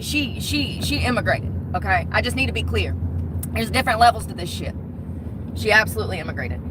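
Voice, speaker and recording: A woman's voice: a little high, noisy background. A woman who works as a bartender, venting bluntly with lots of swearing in a casual vlog.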